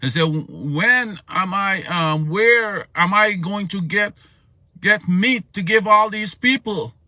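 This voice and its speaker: Guy putting on a high strained voice for a fed-up old prophet, keeps complaining and going "man", sharp and dry. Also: slow, dry recording, exaggerated voice. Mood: pleading. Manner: complaining, pleading, repeating "man". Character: exasperated weary male prophet pleading with God.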